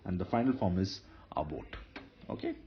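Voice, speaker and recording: Low-voiced man teaching grammar. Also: expressive, normal speed. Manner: patient, repeats and corrects himself. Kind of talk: lecture explaining grammar. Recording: dull lo-fi lecture recording with faint noise.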